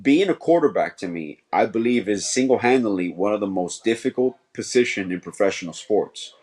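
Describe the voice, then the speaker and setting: A man's voice: on the low side, expressive, a little fast, a little mellow, husky. A man who coaches football, co-hosting a casual sports podcast and explaining plays earnestly.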